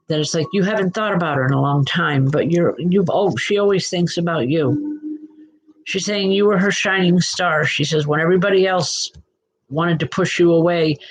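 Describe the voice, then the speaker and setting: A woman's voice: low voice, a little hiss or hum, rough recording. A woman hosting a show of live spiritual readings, reassuring viewers by name and often checking in with "okay?". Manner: frequent fillers and restarts, checks in with "okay?". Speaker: psychic medium host.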